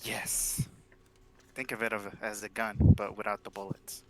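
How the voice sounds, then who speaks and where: A man playing a tabletop role-playing game, animated and laughing often as he describes and voices his character. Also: lowish voice, a little slow. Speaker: player.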